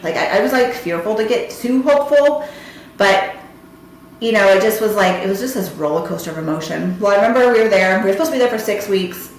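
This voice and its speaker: A woman hosting a podcast, telling a personal story in an emotional, conversational way full of "you know" and "like". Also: lowish voice. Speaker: podcast host. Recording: very echoey room.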